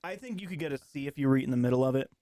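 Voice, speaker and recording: A man's voice: medium pitch, rapid-fire, mellow, no room sound, studio quality. A man co-hosting a live stream, rambling casually with lots of fillers. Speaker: stream co-host. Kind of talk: casual chat.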